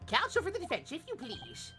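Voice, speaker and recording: A woman voicing a pompous elderly male judge with a stern, booming manner. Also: huge pitch swings, fairly quick, sharp tone, a little hiss or hum, full character voice. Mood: formal.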